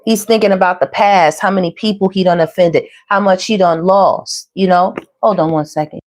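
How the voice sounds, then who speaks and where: A woman's voice: fairly low pitch, fairly even intonation, moderate pace, darkish tone. A woman giving a casual tarot reading, chatty and slangy, talking to viewers as y'all and baby. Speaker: tarot reader.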